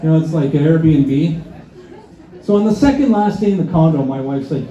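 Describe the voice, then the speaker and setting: A man's voice: a little high, animated, moderate pace, dark tone. Sarcastic male stand-up comic. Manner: sarcastic, acts out phone calls with mock-pompous asides. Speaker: stand-up comedian. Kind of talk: live stand-up set. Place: bar and grill stage before a laughing crowd. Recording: echoey bar room, dull lo-fi sound.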